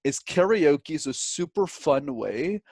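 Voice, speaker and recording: A man from Canada, a guest telling stories in a casual interview, animated and joking. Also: on the high side, unhurried, breathy edge, dry recording. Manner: animated storyteller, jokey.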